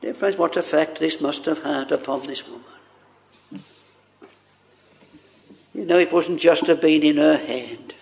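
A man preaching a sermon, speaking haltingly with many fillers and fervent exclamations. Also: fairly high pitch, gravelly, darkish tone.

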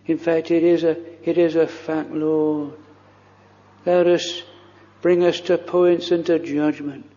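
A man's voice: on the high side, flat delivery, slow, warm tone. A man leading an earnest, pleading prayer from the pulpit in old-fashioned formal language, recorded in a church. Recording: dull lo-fi recording in a reverberant hall.

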